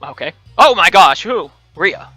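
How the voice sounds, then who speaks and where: A man's voice: sits high, sing-song, a little slow, sharp tone, breathy edge, no room sound, soft background music, poor audio. A young man hosting a let's play, reading a dating game aloud with joking, playful asides.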